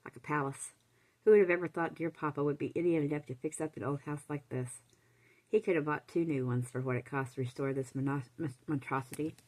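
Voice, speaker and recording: A woman reading aloud, voicing a spiteful young woman who taunts in a smooth, mocking tone. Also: deep voice, fairly even intonation, fairly quick, a little mellow, poor audio.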